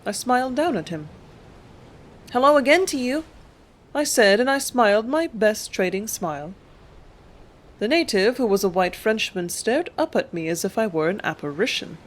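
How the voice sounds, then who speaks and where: A narrator reading an old novel aloud in a steady, even storytelling manner. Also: medium pitch, normal speed. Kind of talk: audiobook reading.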